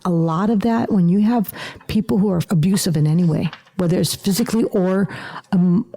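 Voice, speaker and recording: A woman's voice: lowish voice, a little fast, dark tone. A middle-aged woman telling her personal story as a podcast guest, emphatic and dropping into whispered asides.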